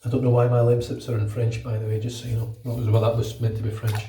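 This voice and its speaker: A man's voice: mid-range voice, level tone, fast talker, warm tone, recorded from a distance, slight background noise. A British man vlogging casually while shaving his head at home, chatty and rambling, swearing freely, a bit under the weather with a cold. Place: bathroom at home. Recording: echoey room, voice off-mic.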